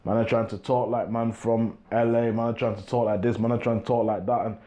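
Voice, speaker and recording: This English talk show host is young and relaxed, his lowish voice warm, level, and fairly quick. Talking casually to camera, he repeats "you get me" again and again.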